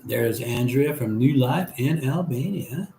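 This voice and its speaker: With a dark tone and a mid-range pitch, an older man talks at a measured pace, his intonation lively. He's hosting a live stream, casually reading viewers' comments aloud and then responding. The recording has room echo and a faint background hum.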